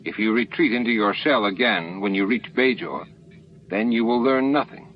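A man's voice: fairly low pitch, normal speed, lightly acted. A man voicing a firm, level-headed starship captain in his own voice, on a lo-fi recording with faint hiss.

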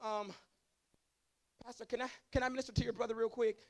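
High-voiced fervent male preacher. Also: little pitch movement, brisk. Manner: fervent, rising to shouting; chatty asides to the congregation. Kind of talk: sermon. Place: church service.

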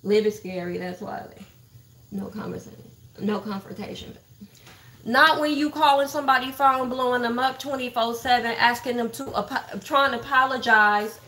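On a casual livestream, a woman from Texas speaks at normal speed in a sharp, fairly high voice, giving her viewers blunt, profanity-laced gossip about online drama.

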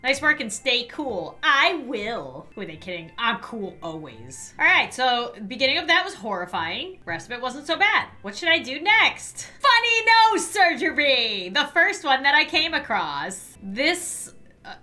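A young woman narrates her own game session with a bright, sharp voice. Her reactions are squeamish and theatrical, and she laughs often. Her pitch leaps around constantly. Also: big pitch swings, a little slow, soft background music. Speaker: game commentator. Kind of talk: let's-play commentary.

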